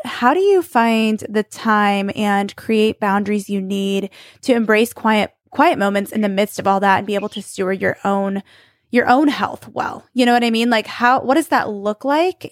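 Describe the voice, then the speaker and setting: Woman host, 30s, fairly high voice, friendly and relaxed, dry close sound. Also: no room sound. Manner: friendly, relaxed questioning, laughs along. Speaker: podcast host. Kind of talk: casual interview chat.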